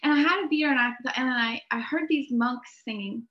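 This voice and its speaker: A young adult woman, a podcast guest, telling a story in an animated way, laughing often and full of filler words. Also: sits high, normal speed. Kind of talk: storytelling in a conversation. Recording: echoey room, dull lo-fi sound.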